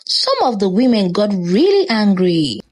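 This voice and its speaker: Woman telling a story, lively pitch, dramatic, mid voice. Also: measured pace. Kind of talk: scripted story narration.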